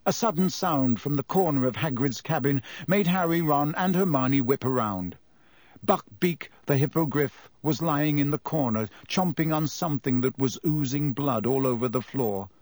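A man narrating a children's fantasy story in a measured storytelling way. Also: fairly high pitch, a little mellow, no room sound. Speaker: audiobook narrator. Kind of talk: scripted narration.

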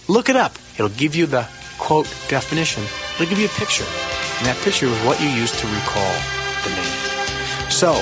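Lively, husky-voiced male instructor. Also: fairly high pitch, rough recording. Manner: emphatic, drawn-out repetition of example words. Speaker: memory course instructor. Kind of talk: recorded instructional lesson.

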